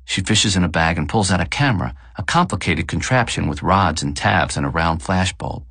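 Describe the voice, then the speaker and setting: A man narrating an audiobook in a measured, expressive reading. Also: sits low, gravelly, slightly rough, no echo. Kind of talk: scripted narration.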